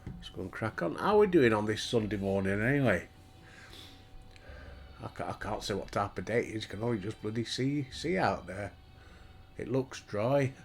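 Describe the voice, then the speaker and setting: A man's voice: lowish voice, animated, moderate pace, gravelly, long pauses. An older Yorkshire man chatting casually and swearing as he plays a game at home. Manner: chatty, swears and laughs often. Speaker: gaming streamer. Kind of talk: casual gaming commentary. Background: faint game music.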